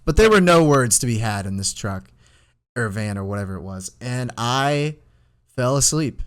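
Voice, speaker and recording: His voice is smooth and mid-range, moving at a normal speed. In a laid-back podcast chat, this co-host in his twenties spins out a long tale, restarting many times and turning animated as he repeats what he said.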